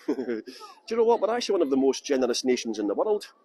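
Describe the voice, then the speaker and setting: A man's voice: mid-range voice, big pitch swings, quick pace, warm tone, a little hiss or hum, low-quality recording. A middle-aged Scottish man guiding a live-streamed tour outdoors, chatting and joking as he greets viewers by name. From Scotland. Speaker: tour guide.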